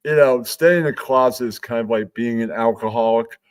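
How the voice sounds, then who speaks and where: A man's voice: mid-range voice, a little fast, smooth. A man hosting a stream, rambling through a crude, self-amused comedic monologue. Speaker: stream host.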